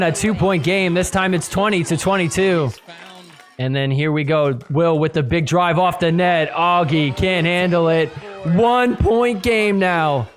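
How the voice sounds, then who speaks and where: A man hosting a podcast, giving excitable play-by-play commentary over match footage and shouting at the big points. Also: on the high side. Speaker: podcast host.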